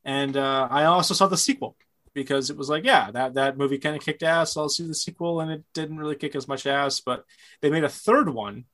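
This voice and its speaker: A man's voice: a little high, fairly quick, a bit bright. A man in casual conversation, rambling and restarting, swearing freely as he talks about movies. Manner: rambling, repeats words, profane.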